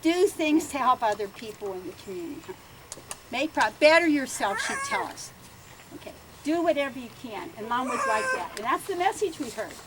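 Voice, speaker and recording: Older lady telling family stories at a garden dedication, kinda high voice, lots of "huh?". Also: big pitch swings, a little fast, background noise. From Bellevue, Pennsylvania. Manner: chatty, laughing, adds "huh?" often. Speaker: family speaker at a land dedication. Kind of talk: ceremony speech, storytelling. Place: outdoors at a garden ceremony.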